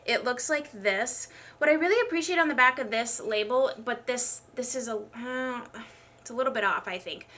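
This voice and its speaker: Speaking at a moderate pace with a sharp tone and a slightly high voice, a young beauty vlogger does her makeup and chats casually. Congested and finding speech a little hard, she rambles and pokes fun at herself in this get-ready-with-me talk.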